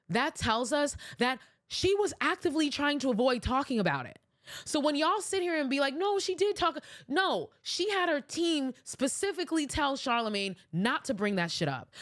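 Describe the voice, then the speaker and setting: Young woman, podcast host, casual commentary, blunt and profane, emphatic restarts, fairly high voice, dry close sound. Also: a bit bright, no echo.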